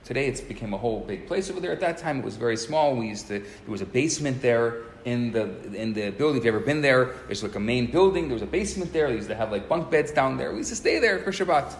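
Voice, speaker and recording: A man in his forties, a rabbi teaching a live class, telling a story in a lively way and often restarting and repeating words. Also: mid-range voice, quick pace, few pauses. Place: classroom at a community center. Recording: roomy live recording with faint noise.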